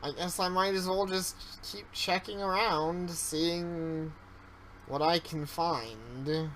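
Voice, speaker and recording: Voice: mid-range voice, slow pace, fairly bright tone, slight background noise, poor audio. A streamer giving joking, self-aware commentary while playing a horror game. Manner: jokey and self-aware, reacting to scares. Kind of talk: casual let's-play commentary.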